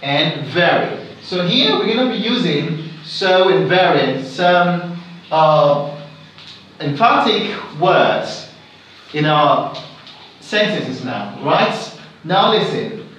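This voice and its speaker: A man's voice: fairly high pitch, lively intonation, slow, fairly bright tone, slight background noise. A man teaching an exam-prep English lesson, repeating example sentences and checking that students follow. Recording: very echoey room, mic far off.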